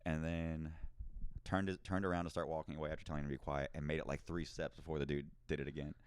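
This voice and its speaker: A man, a comedian guest, chatting casually and telling a lively story, acting out the people in it. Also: rumbling low, fast talker, clear, resonant tone, no room sound. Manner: lively storyteller, acts out quoted voices. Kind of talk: casual chat.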